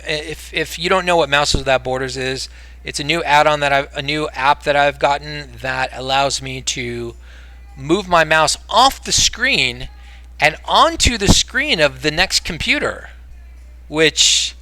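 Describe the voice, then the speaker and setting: An American man chats casually while streaming a game, his voice on the high side and expressive, his pace a little slow, with no room sound. He rambles, swinging between mumbling and loud, exasperated outbursts.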